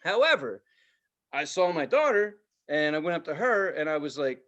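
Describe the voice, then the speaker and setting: A man's voice: fairly high pitch, moderate pace, lo-fi sound. A middle-aged man, a podcast co-host, telling a story in casual chat, heated and full of swearing. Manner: heated, profane, animated storytelling.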